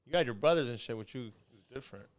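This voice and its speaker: Smooth-voiced man in casual podcast banter. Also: mid-range voice, racing. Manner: relaxed, slangy, joking banter. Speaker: podcast co-host. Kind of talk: casual chat.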